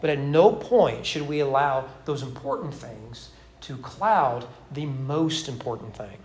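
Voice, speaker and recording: Man preaching in an echoey church. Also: mid-range voice. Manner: preaching with emphatic rhetorical questions. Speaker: pastor. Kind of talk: sermon. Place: church sanctuary.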